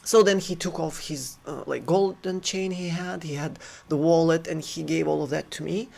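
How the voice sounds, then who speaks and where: A man telling a personal story in an earnest, halting way, often restarting his sentences. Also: fairly high pitch, fairly even intonation, gravelly, darkish tone. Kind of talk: personal story told to camera.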